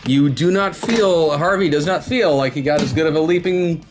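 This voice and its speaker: A man's voice: on the high side, normal speed. Male game master, music underneath. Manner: casual, thinking aloud with fillers. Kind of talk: narrating a tabletop game.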